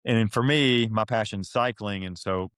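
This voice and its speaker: A middle-aged man from Florida, a podcast guest telling an emotional story in a halting way, full of fillers and restarts, and choking up at times. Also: on the low side, a bit bright, clean tone, dry recording. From Florida, USA.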